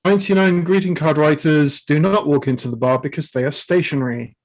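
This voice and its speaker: A man improv player telling quick jokes with a deliberate setup. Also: on the high side, rough recording.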